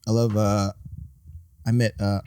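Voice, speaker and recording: A man's voice: on the low side, little pitch movement, measured pace, warm tone, smooth. A man who is a guest on a podcast, telling rambling anecdotes in casual chat and laughing often. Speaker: guest actor.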